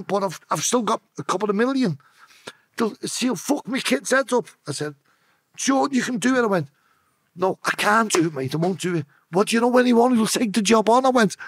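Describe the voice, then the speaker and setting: A man's voice: expressive, fairly quick, breathy edge, dry recording. A man with a Liverpool accent telling stories as a podcast guest, swearing freely and acting out the voices of the people in them. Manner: profane, acts out quoted voices with sharp pitch swings. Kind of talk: casual storytelling interview.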